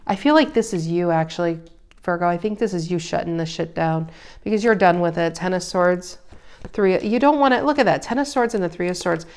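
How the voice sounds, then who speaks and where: A woman giving a casual tarot reading, emphatic and animated, her voice rising loud and dropping soft. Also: on the low side, brisk. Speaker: tarot reader.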